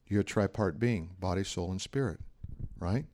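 A man's voice: low-pitched, moderate pace, a little mellow, slight background noise. Man preaching with easygoing humor. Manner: humorous, anecdotal, conversational preaching. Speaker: pastor. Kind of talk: sermon.

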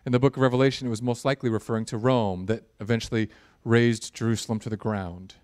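A man preaching a sermon, animated and jokey, building in intensity at times. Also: medium pitch, fast talker, clean tone. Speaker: pastor.

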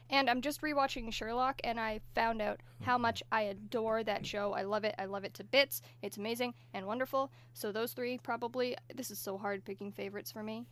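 A woman's voice: on the high side, fairly bright tone. A woman co-hosting a podcast in casual, gushing chat. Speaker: podcast co-host.

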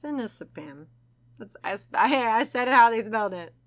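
A woman's voice: fairly high pitch, a little fast. A woman co-hosting a casual true-crime podcast, retelling the case with lots of laughter and swearing. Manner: laughing, profane, animated storytelling. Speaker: podcast co-host.

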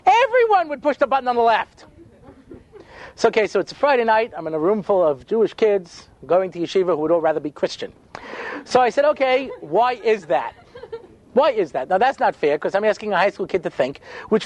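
A man, a rabbi, telling funny stories in an animated way, with quick asides and acted-out voices. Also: high voice. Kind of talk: humorous storytelling talk.

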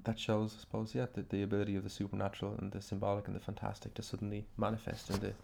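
Man discussing folklore, quick and thoughtful, low dark gravelly voice. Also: completely flat delivery, noisy background. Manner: thoughtful, talks quickly with hesitations. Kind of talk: academic conversation.

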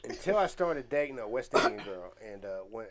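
A man's voice: mid-range voice, brisk, over a noisy crowd. A man in his forties, a guest comedian, telling stories in a casual, laughing way on a talk show. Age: 40s. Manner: animated, laughing, lively storyteller.

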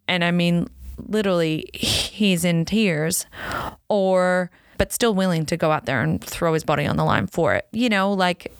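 A woman in her thirties, a racer's wife and mother, telling a personal story in casual chat, with lots of fillers and her voice leaping up when excited. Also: clear, resonant tone, no echo, clean studio sound. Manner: chatty, many fillers, pitch jumps up when excited.

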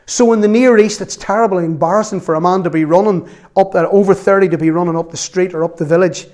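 A man, a lay preacher telling a Bible story in an animated, chatty way with humorous asides. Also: high-pitched, fast. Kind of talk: storytelling sermon.

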